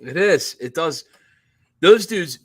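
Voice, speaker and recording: A man co-hosting a podcast, telling stories in casual chat, animated and profane, acting out others in a shouting voice. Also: fairly high pitch, slow. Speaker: podcast co-host.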